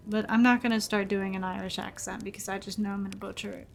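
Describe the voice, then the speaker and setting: A woman's voice: mid-range voice, little pitch movement, fast talker, creaky, hardly any pauses, soft background music. A young woman streaming a story game, reading its text aloud and reacting with frequent laughs in casual commentary.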